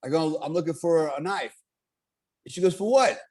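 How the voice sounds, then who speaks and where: A middle-aged man telling a story in casual, profane talk, animated and laughing often. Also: a little high, moderate pace.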